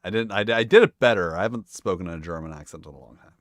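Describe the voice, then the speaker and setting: A man's voice: low voice, racing, a bit bright, no room sound, clean studio sound. A man hosting a tabletop game video, chatting casually in a rambling, self-mocking way with frequent swearing. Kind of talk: casual chat.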